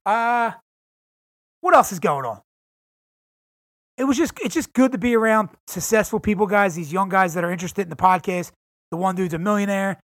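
A man's voice: high-pitched, normal speed, long pauses, a bit bright, no room sound, studio quality. A man talking alone on his podcast, hyped and profane, calling his listeners "guys" again and again. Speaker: podcast host. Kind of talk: casual solo podcast monologue. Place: home in San Diego.

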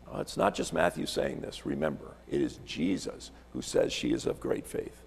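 Gravelly male preacher in a reverberant church. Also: a bass voice, wildly swooping pitch, moderate pace, darkish tone, slight background noise. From Alaska. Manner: storytelling, rhetorical questions, repeats words. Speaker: visiting pastor. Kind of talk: sermon. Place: church sanctuary.

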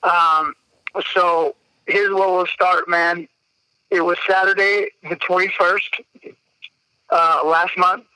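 A man's voice: high voice, level tone, takes it slowly, long pauses, pushed and bright, clean tone, no echo, poor audio. A man, a father and podcast guest, telling a story in a casual, blunt way and swearing freely.

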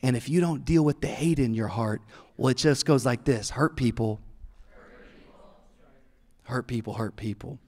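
A man in his thirties preaching a sermon in a church, an animated storyteller who acts out voices and laughs often. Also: mid-range voice, measured pace, long pauses. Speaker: pastor. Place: church auditorium. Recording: large hall reverb.

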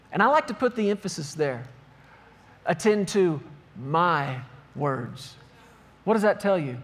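A man preaching a sermon, reading scripture aloud and driving points home with emphatic repetition. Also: sits high. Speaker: pastor.

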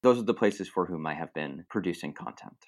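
Very low-voiced male film critic. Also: lively intonation, brisk. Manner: thoughtful, rambling with restarts and asides.

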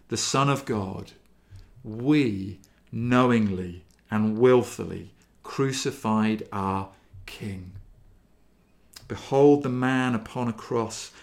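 Male preacher, slow deliberate delivery, mid-range voice, earnest sermon reading scripture. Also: mid-range voice. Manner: slow, measured and earnest, lingering on key phrases.

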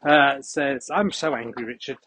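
Deadpan man rambling on a walk. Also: mid-range voice, normal speed, slightly rough, poor audio. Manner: deadpan, absurd asides. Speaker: podcast host. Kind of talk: rambling comic monologue. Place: outdoors on a dog walk.

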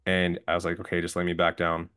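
Low-voiced man telling his story. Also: quick pace, smooth. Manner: calm, earnest, candid with profanity. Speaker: podcast guest. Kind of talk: personal storytelling.

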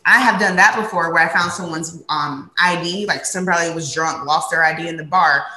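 A woman's voice: on the low side, brisk, pushed and bright, echoey room. A woman co-hosting a podcast, chatting casually with many fillers. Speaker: podcast co-host.

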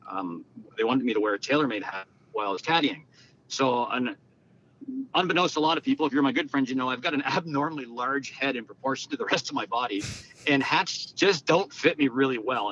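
A man, a guest telling stories in an animated, conversational way and acting out the quoted lines. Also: fast. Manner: animated, acts out quoted dialogue. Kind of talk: conversational storytelling. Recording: dull lo-fi sound with faint rumble.

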